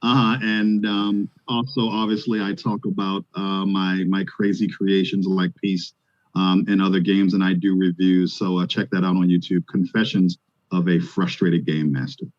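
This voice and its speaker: Low-voiced male guest on dull lo-fi audio. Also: flat delivery, normal speed, darkish tone. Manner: enthusiastic, chatty. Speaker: game designer guest. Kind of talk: casual interview chat.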